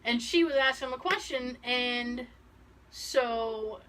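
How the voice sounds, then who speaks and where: A woman's voice: on the high side, takes it slowly, a crowd in the background. A woman on a podcast telling family stories in casual chat, laughing often and acting out the people she quotes. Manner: animated, laughs often, acts out quoted voices. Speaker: podcast co-host.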